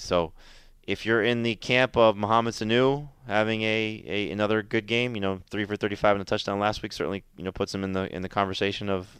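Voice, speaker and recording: Radio co-host, male, lower register, crisp dry delivery, hesitant and filler-heavy. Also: fairly bright tone, no echo. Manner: hesitant, many fillers and restarts. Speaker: fantasy football analyst co-host. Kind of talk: casual sports radio talk.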